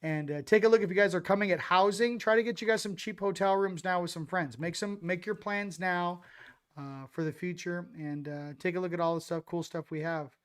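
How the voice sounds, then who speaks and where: Hyped guy hosting a chill stream, kinda high and smooth voice, rambles a lot. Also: a little fast. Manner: hyped, shouting out viewer locations; loose, rambling, repeats "ladies and gents". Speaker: host. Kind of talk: casual livestream chat.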